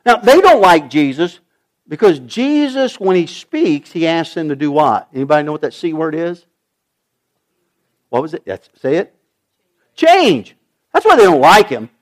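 A male pastor preaching a sermon, swinging from loud urgent shouts to hushed, almost whispered asides. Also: on the high side, normal speed, pauses often. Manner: animated preaching, rising to shouts, dropping to near whispers.

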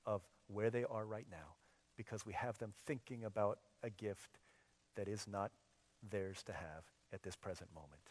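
A man in his thirties preaching a sermon, telling a funny story with acted dialogue, swinging from soft to loud. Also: fairly low pitch, normal speed, in a large hall. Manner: humorous, plays out scenes in quoted dialogue. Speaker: pastor.

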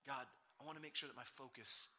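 A middle-aged male pastor giving a sermon, telling personal stories in a conversational way that jumps now and then into loud, excited bursts. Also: mid-range voice, fast talker, a little hiss or hum.

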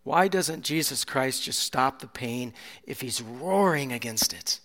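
A male pastor preaching a sermon with passion, swinging from soft, hushed moments to loud, climactic peaks. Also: medium pitch, expressive, measured pace. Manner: impassioned, builds to loud climaxes, drops to soft near-whispers. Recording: long hall reverb.

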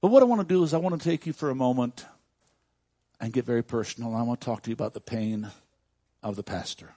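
A man preaching a sermon as a pastor, moving from quiet, close talk to loud, shouted preaching. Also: mid-range voice, fast, dry recording. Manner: swings from hushed intimacy to loud shouting preaching. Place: church.

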